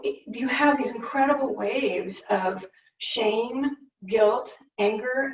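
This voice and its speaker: A woman with a slightly high voice tells a candid business story to an audience. The sound is muffled and roomy, as if picked up from across a hall. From United States. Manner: candid, storytelling with acted-out quotes. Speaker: business owner giving a talk. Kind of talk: personal story talk. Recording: muffled, roomy, distant mic.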